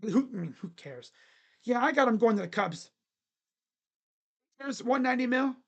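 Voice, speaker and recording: A sports channel host chatting casually on a live stream, making predictions in a jokey, rambling way with sudden shouted bits. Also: medium pitch, lively intonation, normal speed. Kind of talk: casual live-stream commentary on baseball free agents.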